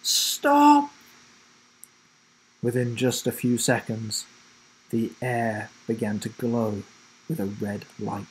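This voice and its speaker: A man reading a children's adventure story aloud, with dramatic delivery that drops low and soft for suspense. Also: level tone, unhurried, a little hiss or hum, rough recording. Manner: self-corrects and rereads slips. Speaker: storybook reader.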